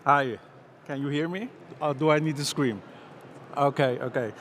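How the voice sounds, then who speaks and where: A man speaks as a software architect at a conference, hesitant and full of filler pauses. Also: mid-range voice, slight background noise. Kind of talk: conference talk.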